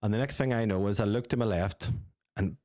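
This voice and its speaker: A young man, telling a sweary, animated story as a podcast co-host. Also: lowish voice, brisk, dry recording, studio quality. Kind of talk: casual storytelling with friends.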